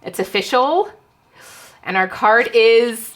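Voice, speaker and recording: A young adult woman book vlogger chatting casually at home, excitable and nervous as she plays a card game. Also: medium pitch, a little slow. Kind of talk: casual vlog chat.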